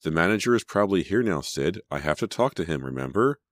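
A bold, scheming teenage girl, as a deep-voiced man puts her on for an audiobook. She sounds pushy and eager, her lines lifted well above his low natural register. The sound is dry and close. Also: lively intonation, fast, dry recording. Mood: grumbling.

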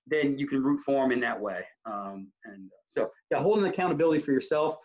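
A man, a high school basketball coach, talking animatedly in a casual interview, rambling with many restarts. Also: brisk. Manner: animated, rambling, full of restarts and self-quotes. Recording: slightly muffled audio.

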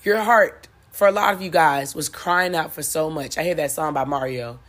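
Her voice is low yet fairly bright, and she keeps a moderate pace. She's a spiritual motivator giving a preachy, profane talk, hammering points through repetition and laughing at her own humor.

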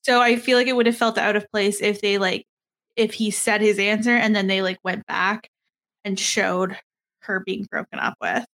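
A woman's voice: mid-range voice, fairly even intonation, moderate pace, a bit bright. A woman co-hosting a podcast in casual chat, hesitant and full of fillers. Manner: hesitant, many fillers and restarts. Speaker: podcast co-host.

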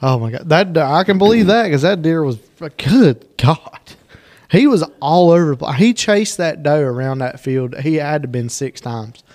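A man hosting a casual podcast chat, an animated storyteller who laughs often. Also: fairly high pitch, normal speed, hardly any pauses. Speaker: podcast host.

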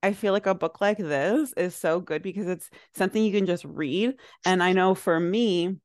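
Lower-voiced woman chatting, dry sound. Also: normal speed, dry recording. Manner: rambling, reflective, lots of "like" fillers. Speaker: podcast co-host. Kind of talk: casual chat.

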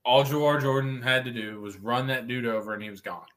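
A man's voice: mid-range voice, fairly even intonation, brisk, noisy background. A man, telling stories with a laugh and a stammer as a co-host of a sports podcast. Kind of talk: excited postgame sports chat.

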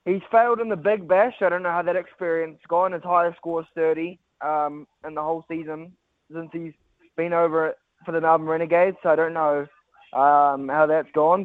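A man's voice: high voice, no room sound. A man calling a talkback radio show, talking with lots of hesitant ums. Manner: hesitant, many ums, earnest. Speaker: caller. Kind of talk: casual phone-in chat. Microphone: phone. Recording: dry tinny phone line.

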